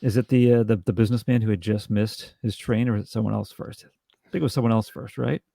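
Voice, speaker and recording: A man co-hosting a podcast, chatting casually about a movie with halting restarts and dry jokes. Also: lowish voice, steady tone, creaky, warm tone, no room sound. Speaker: podcast co-host. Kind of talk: casual film review chat.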